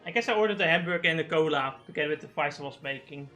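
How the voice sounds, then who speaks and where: A man's voice: fairly high pitch, very fast, faint music behind. A young man streaming a game live, rambling and swearing while he has the hiccups. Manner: rambling, profane, excitable. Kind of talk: live gaming stream chat.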